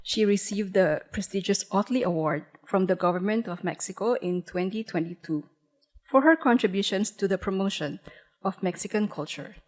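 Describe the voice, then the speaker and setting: A woman's voice: medium pitch, normal speed, low-quality recording. Formal woman introducing a speaker. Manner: formal, with some fillers. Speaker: museum staff presenter. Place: auditorium.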